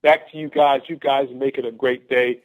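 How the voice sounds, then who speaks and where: A man's voice: mid-range voice, fairly even intonation, normal speed. Man, motivational speaker, upbeat and repetitive, thin phone-call sound. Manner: exuberant, repetitive, laughs often. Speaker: guest speaker on a team conference call. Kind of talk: motivational pep talk. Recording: phone-line conference call.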